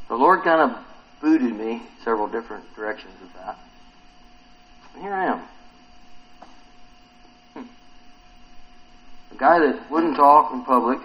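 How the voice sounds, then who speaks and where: A medium-pitched man delivers an animated sermon, putting questions to the congregation and acting out the quotes he reads. The highs are cut off in the recording.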